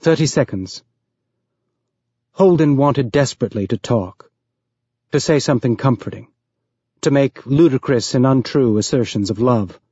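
A man reading an audiobook aloud as narrator, raising his pitch to voice characters. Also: normal speed, warm tone, slightly rough, dry recording, highs cut off.

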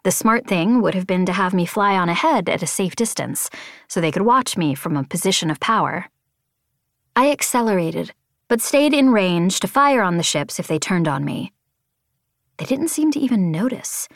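Woman reading an audiobook in first person, expressive and tense, lively voice, dry close mic. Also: medium pitch, normal speed, no echo. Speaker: audiobook narrator. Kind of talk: first-person novel narration.

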